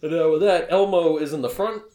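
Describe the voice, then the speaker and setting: Male game master, casual jokey narration, somewhat high, roomy recording. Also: fairly quick, warm tone. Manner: loose, jokey, filler-heavy narration. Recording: echoey room, faint background noise.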